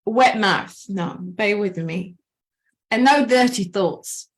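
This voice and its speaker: A woman coaching on anxiety in a casual, animated talk, slowing down to count breaths and acting out anxious and calm inner voices. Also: medium pitch. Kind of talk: casual guided presentation.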